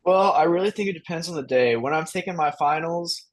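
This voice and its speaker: A man's voice: a little high, brisk, slight background noise. Young man from South Carolina, polite and easygoing. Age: young adult. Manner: polite and easygoing, lots of filler words. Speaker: podcast guest, college student. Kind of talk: casual interview answers. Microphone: remote video call from home.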